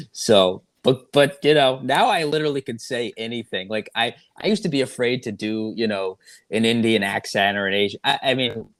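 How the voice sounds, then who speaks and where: A man's voice: medium pitch, normal speed. A man appearing as a podcast guest, chatting casually with wry, self-deprecating humor. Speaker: comedian guest.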